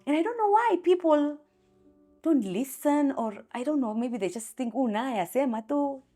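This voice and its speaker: A woman's voice: high voice, lively intonation, moderate pace, warm tone, faint music behind. A young Kenyan mother telling a raw, candid personal story about a hard day.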